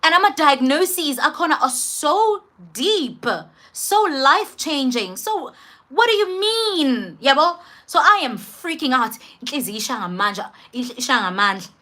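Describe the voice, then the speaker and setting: A young woman with a South African accent tells a personal story to camera in an animated, emphatic way, switching between languages mid-sentence. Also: high voice, measured pace. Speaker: vlogger. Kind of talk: storytime monologue.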